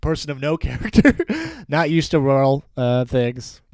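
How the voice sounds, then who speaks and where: A man co-hosting a relaxed book discussion, often laughing and adding wry asides as he reads passages aloud. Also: medium pitch, a little slow, no room sound, clean studio sound. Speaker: book podcast co-host. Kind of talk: casual book-club chat.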